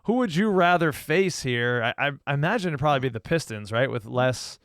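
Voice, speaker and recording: A man's voice: medium pitch, expressive, fairly quick, fairly bright tone, no echo, clean studio sound. Joking, teasing man on a sports podcast. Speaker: podcast co-host. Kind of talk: casual sports podcast chat.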